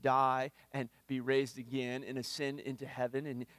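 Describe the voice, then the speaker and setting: A man's voice: mid-range voice, level tone, moderate pace, a bit bright, no room sound. Guy preaching, earnest, kinda stumbly on words, dry close sound. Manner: earnest, repeats words when starting phrases. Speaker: pastor. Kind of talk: sermon. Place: church.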